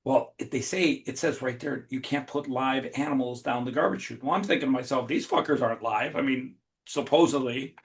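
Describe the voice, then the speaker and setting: A man in a casual podcast chat, telling a long funny story in an animated way, swearing freely and laughing as he goes. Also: mid-range voice, fairly quick. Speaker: podcast guest.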